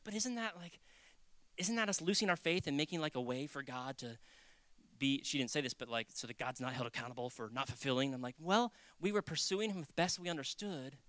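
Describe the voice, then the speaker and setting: Bright-voiced pastor preaching in a dry room. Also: male voice, sits high, dry recording. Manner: conversational preaching, swinging between loud acted quotes and hushed asides. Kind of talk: sermon.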